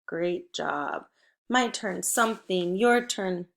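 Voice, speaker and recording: A woman teacher giving a spelling and phonics lesson to first graders, patient and encouraging, prompting with clear cues. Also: on the low side, slow pace, a bit bright. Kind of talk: phonics lesson for young children.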